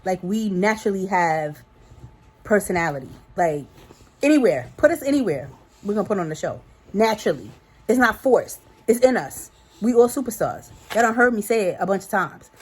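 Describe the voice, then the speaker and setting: A woman in her thirties from New York with a New York accent, chatting casually to her viewers in an animated, tipsy vlog. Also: medium pitch, fairly quick. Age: 30s. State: a little tipsy. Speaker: vlogger. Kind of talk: casual chat to camera.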